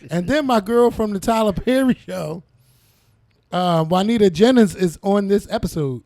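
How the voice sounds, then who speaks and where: A high-voiced man chats loosely and profanely about last night's TV, laughing often. The sound is close and dry, with no room behind it. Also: normal speed, creaky, no room sound. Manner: animated, profane, laughs often, slips into quoting others. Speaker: podcast co-host. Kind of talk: casual chat about TV and celebrity gossip.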